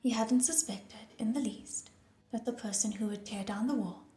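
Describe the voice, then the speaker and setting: Hushed, whispery woman narrating an audiobook. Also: on the high side, normal speed. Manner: soft, hushed, often whispery reading. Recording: roomy echo with soft music.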